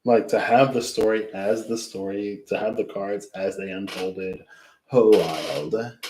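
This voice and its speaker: A man's voice: lowish voice, fairly even intonation, measured pace, a little mellow, reverberant, slight background noise, low-quality recording. A man closing a casual tarot reading, rambling and reflective, who often trails off into asides. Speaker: tarot reader.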